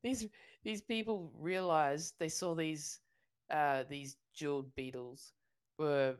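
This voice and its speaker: A woman's voice: low-pitched, steady tone, takes it slowly, clear, resonant tone. An Australian woman co-hosting a podcast, telling stories in a chatty way with frequent laughter and restarts. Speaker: podcast co-host. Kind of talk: casual chat.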